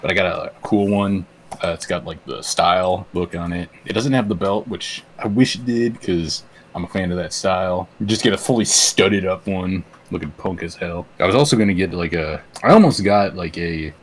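Low-voiced man ribbing his co-hosts. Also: normal speed, poor audio. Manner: joking, bossy, cuts off bits. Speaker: podcast co-host. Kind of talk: casual chat.

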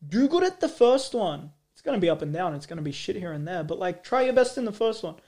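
Young male co-host, high voice, argumentative, sweary casual chat. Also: sing-song, fast, darkish tone. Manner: joking, argumentative, swears freely. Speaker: podcast co-host.

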